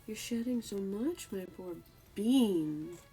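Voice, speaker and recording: A woman chats casually on a home stream, her voice sitting at a mid pitch. She coos at her cat in a sing-song baby voice and sometimes slips into soft whispers. Faint music plays underneath. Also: expressive, slow. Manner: drops into soft whispers now and then. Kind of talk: casual live-stream chat. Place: home room while streaming.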